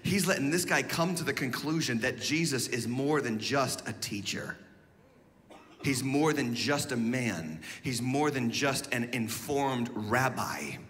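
A male pastor preaching a sermon in an animated way, swinging from shouted emphasis to hushed asides and leading the congregation in call-and-response. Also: medium pitch, measured pace, in a large hall.

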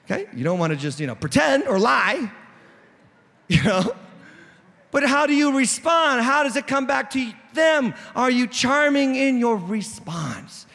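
A man's voice: extremely high pitch, expressive, a little slow, vocal fry, a bit bright. A man pastor with a New England accent preaching a sermon, direct and joking with the congregation. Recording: echoey hall.

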